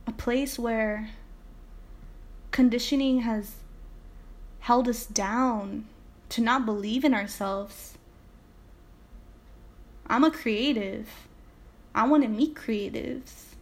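Young woman from salinas, talking right at the listeners, kinda high voice, cusses a lot, all fired up about self-love. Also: slow, pauses often. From Salinas, California. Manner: emphatic, swears freely, speaks directly to listeners. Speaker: podcast host. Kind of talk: casual motivational podcast monologue.

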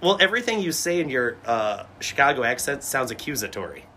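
Male podcast host, bright voice, teasing banter, casual chat, light background hiss. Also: mid-range voice, sing-song, brisk. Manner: teasing, joking.

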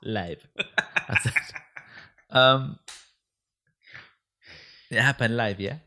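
A man's voice: medium pitch, very slow, bright, forceful tone. A young man co-hosting a podcast, chatting casually with sarcasm and swearing. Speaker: podcast co-host.

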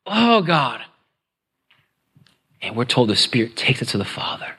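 A man's voice: lowish voice, steady tone, fast, bright, forceful tone, slightly rough. A middle-aged male pastor preaching in a conversational style, dropping to whispers and groans for emphasis. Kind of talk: sermon.

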